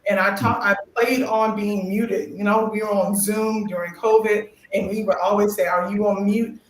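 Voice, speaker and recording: Expressive storytelling woman, roomy sound. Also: mid-range voice, moderate pace. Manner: expressive, acts out quotes, laughs. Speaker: guest, new doctorate holder. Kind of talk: casual talk-show storytelling. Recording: roomy echo with faint noise.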